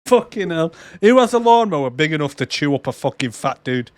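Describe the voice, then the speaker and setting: Man, fairly high voice, sweary, laughing, podcast movie roast, dry close mic. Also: sing-song, fairly quick, dry recording. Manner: sweary, laughing, acts out characters in silly voices. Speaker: podcast co-host. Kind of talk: casual movie-roast chat.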